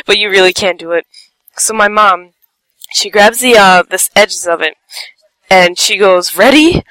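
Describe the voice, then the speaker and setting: A woman's voice: mid-range voice, unhurried, dry recording, rough recording. A woman telling a funny personal story in a casual way, giggling often and acting out what people said. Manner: animated, acts out quotes with squeals and shouts; giggles between lines. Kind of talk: casual anecdote.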